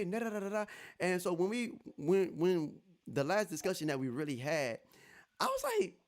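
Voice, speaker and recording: Animated man telling stories, high lively voice. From Texas. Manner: animated, laughing, quotes others in lively voices. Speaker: podcast host. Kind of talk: casual storytelling chat.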